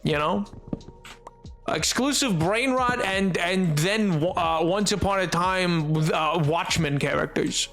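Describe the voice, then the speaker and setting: A man's voice: sits high, slow pace, vocal fry, a bit bright, soft background music. A young man streaming and chatting casually with his chat, rambling and joking with lots of fillers and restarts. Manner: rambling, jokey, self-interrupting with fillers.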